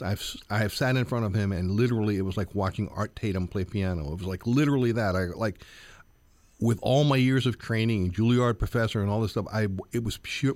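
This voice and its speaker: Man, 60s, lowish voice, earnest, lots of fillers, dry close sound. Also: a little mellow, no room sound. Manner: earnest, with frequent fillers and repeats. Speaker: guest jazz guitarist and professor. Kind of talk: reflective interview answers.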